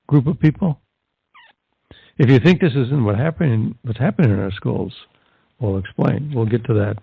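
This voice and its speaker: Fervent male evangelist host, husky, dry narrow phone-like sound. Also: mid-range voice, no room sound. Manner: fervent, full of rhetorical questions. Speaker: Catholic evangelist presenter. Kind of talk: podcast commentary. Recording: tinny phone-like line, dry.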